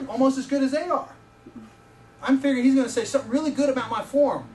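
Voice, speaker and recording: A man in his fifties preaches from a distance in an echoey hall, his voice pitched high for a man. He tells personal stories with animation and teases his listeners. A faint hiss hangs under his words. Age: 50s. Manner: animated, joking with the audience. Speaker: visiting preacher. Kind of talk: sermon with personal storytelling.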